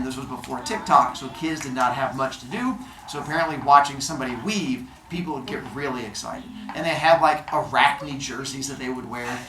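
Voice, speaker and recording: A male teacher telling a myth to his class in a classroom, animated and jokey, acting out voices as he goes. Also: medium pitch, noisy background. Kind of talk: storytelling to a class.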